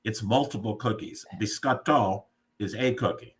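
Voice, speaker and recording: A man's voice: on the low side, moderate pace. A man hosting a casual live video chat who playfully explains food words like a teacher. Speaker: host. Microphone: video call.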